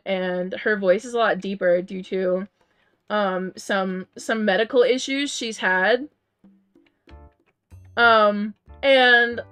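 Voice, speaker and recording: Through a headset mic, with game music faintly in the background, a woman with a slightly high, fairly bright voice chats casually with her stream. She reads out messages, giggles often and stumbles into restarts full of ums.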